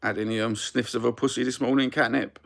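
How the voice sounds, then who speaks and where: Fast and gravelly, with a fairly bright tone, a mid-range male voice keeps its intonation fairly even. The speaker is a middle-aged Cockney livestream host who rambles cheekily through casual chat and swears freely.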